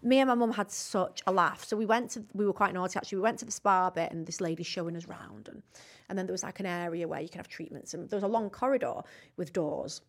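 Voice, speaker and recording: A chatty woman co-hosting a podcast. She tells her stories in a cheeky, giggly way and keeps it all relaxed and casual. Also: on the low side, quick pace. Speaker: podcast co-host. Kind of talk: casual chat.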